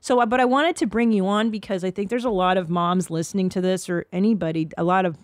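A woman hosting a podcast in casual chat, animated and swearing freely, often acting out what others say. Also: medium pitch, quick pace, dry recording, clean studio sound. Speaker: podcast host.

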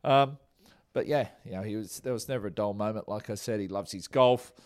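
A man's voice: lowish voice, a little fast, a little mellow. A man, telling casual stories about a former teammate in an interview, chatty and laid-back. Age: 40s.

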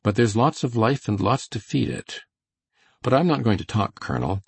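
A hearty, persuasive little official talks up his cause in a husky, gravelly voice lifted a little above the reader's low register, as a man puts him on. The sound is dry and close. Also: big pitch swings, normal speed, darkish tone, no echo, exaggerated voice. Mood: enthusiastic. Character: shrewd, kindly, enthusiastic little man around thirty.

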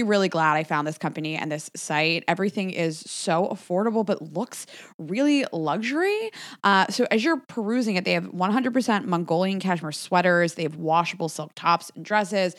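Chatty woman podcast host, lowish voice, dry close sound. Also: fairly bright tone, no room sound. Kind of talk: casual chat and read ad.

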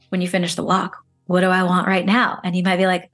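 A woman's voice: mid-range voice, fast, hardly any pauses, a bit bright. Encouraging woman coach with faint music. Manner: encouraging, acts out inner voices. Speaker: career break coach, guest. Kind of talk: advice-giving interview talk.

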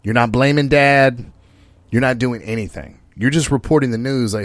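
A man's voice: mid-range voice, moderate pace, no room sound. A man hosting a podcast, talking casually in a brash, profane and preachy way, often speaking straight to the listeners. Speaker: podcast host.

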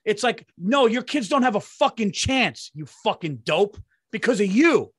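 A man's voice: high-pitched, big pitch swings, normal speed, breathy edge, no echo. Exasperated swearing man, dry sound. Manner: exasperated, profane ranting. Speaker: podcast co-host. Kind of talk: casual crude banter.

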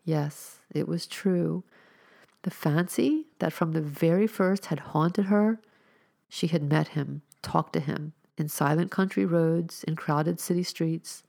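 A woman reading a short story aloud as a storyteller, with measured, expressive narration. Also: low voice, creaky.

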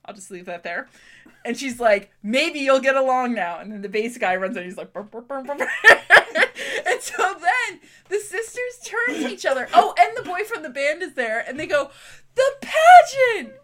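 Brief: young woman co-host, high and lively voice, exasperated laughing rants. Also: normal speed. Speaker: podcast co-host. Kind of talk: casual movie-recap chat.

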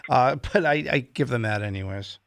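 A man on a radio show talking easily about family history, relaxed and explanatory, laughing now and then. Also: medium pitch, brisk, dry recording. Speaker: guest genealogist. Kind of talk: radio guest chat.

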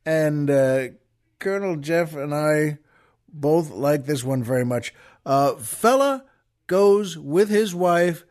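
Rambling high-voiced man telling a joke. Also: expressive, slow pace, darkish tone. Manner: rambling, with frequent restarts and stammers. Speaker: podcast host. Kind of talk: casual chat and joke telling.

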